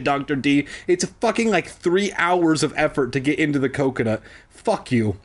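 A man's voice: a little high, moderate pace. A man reading a children's book aloud for comedy, with sarcastic, profane asides. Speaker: comedic reader.

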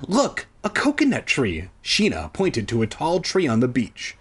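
A man voicing a whiny young girl stranded on a beach, in a high squealing voice for a comedy reading. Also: huge pitch swings, measured pace, slightly rough, exaggerated voice.

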